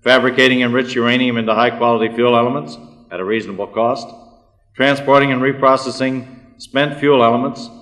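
Guy giving a technical lecture, precise and measured, echoing hall. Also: mid-range voice, fairly even intonation, a bit bright. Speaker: speaker giving a technical address. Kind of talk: formal lecture. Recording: long hall reverb.

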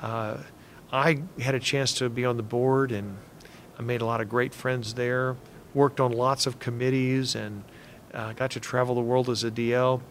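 An older man with a gravelly, creaky voice recalls his working years at an easy anecdotal pace. His pitch sits in a middle range, and a faint low rumble hums under the recording. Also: moderate pace. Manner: relaxed anecdotal telling with soft laughs. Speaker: interviewee, former engineer. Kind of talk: reflective storytelling interview.

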